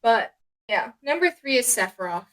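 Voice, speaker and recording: A woman's voice: fairly high pitch, very animated, normal speed, fairly bright tone. A young woman co-hosting a podcast in casual chat, hesitant and joking, with frequent fillers. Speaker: podcast co-host.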